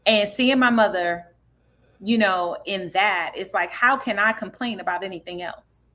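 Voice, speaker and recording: A woman's voice: mid-range voice, a little slow, pushed and bright. A woman author and stage director answering interview questions earnestly and reflectively, with frequent fillers.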